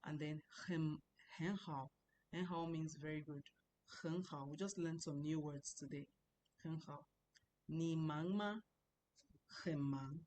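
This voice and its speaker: In this online lesson, a woman with a low, mellow, fairly even voice speaks a little slowly into a computer mic. She teaches a language with patience, repeating words and tones again and again while explaining along the way.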